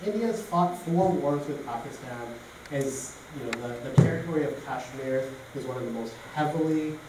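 A man's voice: medium pitch, normal speed. Man lecturing in an echoey room. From Canada. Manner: informal, anecdotal storytelling. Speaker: guest lecturer. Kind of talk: public lecture. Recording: echoey room from a distance, faint noise.

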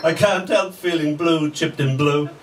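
A man's voice: a little high, fairly even intonation, a little slow, natural voice. A man voicing the colour Black as a self-pitying, typecast figure who complains through laughter, recorded from a distance with faint room noise. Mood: wry.

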